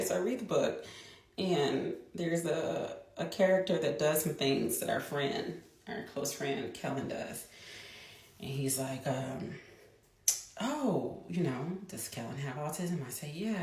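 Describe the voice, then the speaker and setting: Mom vlogger, 30s, deep for a woman, chatty and quick in bursts, roomy sound. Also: darkish tone. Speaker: mother. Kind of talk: casual storytelling vlog. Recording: echoey room.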